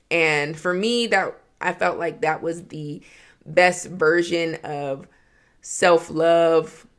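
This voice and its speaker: A young woman from Georgia, hosting her podcast from her home office and telling a story in a chatty, excitable way. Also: lowish voice. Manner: chatty, excitable, many "like" fillers. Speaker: podcast host. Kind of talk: casual storytelling monologue.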